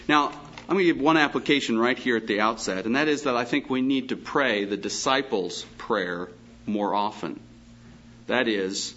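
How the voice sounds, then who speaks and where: A male pastor preaching a Bible teaching sermon, reading scripture slowly and breaking off for emphatic asides. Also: mid-range voice, fairly bright tone, highs cut off.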